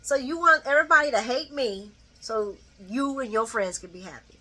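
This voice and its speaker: A woman's voice: high voice, normal speed, sharp tone. A middle-aged woman giving a casual, chatty soap opera recap to her viewers, acting out the characters' lines and laughing often.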